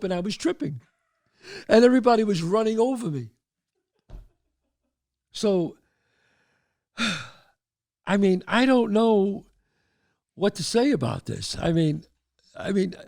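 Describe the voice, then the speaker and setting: A man's voice: sits high, creaky. An older man hosting a show, telling stories casually and acting out the voices in them. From the Bronx, New York. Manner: animated, acts out voices in his stories. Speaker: host. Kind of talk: casual storytelling.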